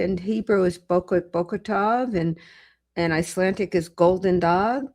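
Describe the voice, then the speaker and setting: A middle-aged woman hosting a livestream, chatting casually with viewers as she reads comments and slowly sounds out foreign greetings. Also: lowish voice, a little mellow. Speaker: legal commentator and livestream host.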